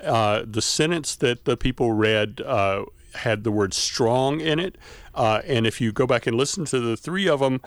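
A middle-aged man explaining features of speech as an expert guest in a radio interview, pausing often with "uh". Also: medium pitch, no echo. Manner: explanatory, with frequent "uh" fillers.

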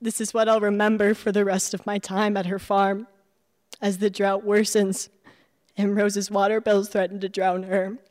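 A woman with an American Midwestern accent reading her personal essay aloud in a measured, reflective way. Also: medium pitch, level tone, a little mellow, in a large hall. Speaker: memoir narrator.

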